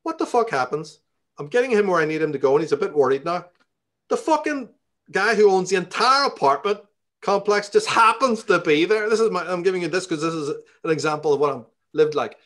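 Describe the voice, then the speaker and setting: Middle-aged man, Belfast accent, slightly higher voice, swears freely and rants while telling stories in an interview. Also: a little fast. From Northern Ireland. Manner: profane, ranting, animated. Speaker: interview guest. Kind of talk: storytelling in conversation.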